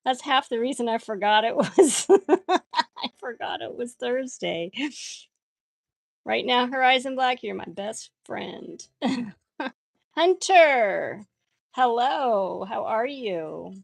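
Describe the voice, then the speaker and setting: A woman's voice: on the high side, expressive, takes it slowly, gravelly, long pauses, no echo. A woman chatting casually with viewers while she draws on a livestream, laughing often as she reads out their comments. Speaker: art livestream host.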